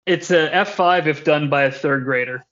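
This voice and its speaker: A man hosting a casual podcast, recapping wrestling in an animated, joking way with casual swearing. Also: a little high, normal speed. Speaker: podcast host. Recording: dull lo-fi podcast audio.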